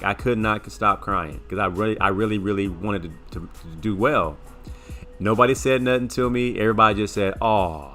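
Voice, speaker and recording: A man with a low, bright and forceful voice, speaking as he tells a rambling story on a sports talk show. He repeats words as he goes and gets animated. Faint music plays behind him. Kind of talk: casual storytelling chat.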